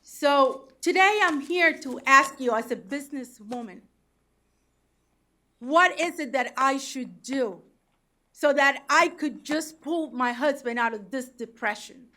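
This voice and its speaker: A woman's voice: high voice, expressive, slow pace, pushed and bright. An older woman from Cuba, a taxi medallion owner, giving emotional, pleading testimony at a public hearing.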